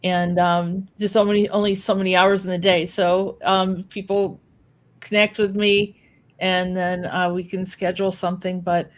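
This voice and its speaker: A woman answering questions as a podcast guest, speaking hesitantly with many pauses and restarts. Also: on the low side, flat delivery. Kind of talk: casual interview answers.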